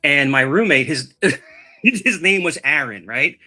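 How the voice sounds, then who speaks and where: Casting: talkative man, fairly high bright voice, rambling anecdote style, faint music underneath. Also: slow pace. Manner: rambling, animated, swears, repeats words. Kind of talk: casual storytelling chat.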